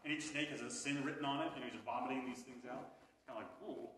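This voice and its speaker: A male priest giving an animated, conversational adult education talk in a church hall, recorded from a distance. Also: medium pitch, very fast, slight background noise. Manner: animated, conversational, with acted asides. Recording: echoey room from far off.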